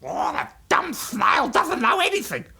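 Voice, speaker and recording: A man voicing a grumpy young male ant in a children's storybook, speaking in a sulky, high, raspy voice. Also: huge pitch swings, measured pace, bright, forceful tone, full character voice. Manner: whiny and sulky.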